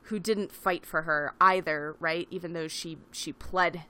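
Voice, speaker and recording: A woman's voice: fairly low pitch, fairly even intonation, unhurried, sharp tone, clear, resonant tone. A young woman co-hosting a podcast, talking reflectively in casual chat and hedging with fillers. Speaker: podcast co-host.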